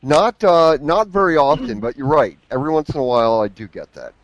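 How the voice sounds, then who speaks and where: A man from the United States in casual podcast chat, chatty and quick to laugh. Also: mid-range voice, dry recording, dull audio. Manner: chatty, laughs often, lively storytelling.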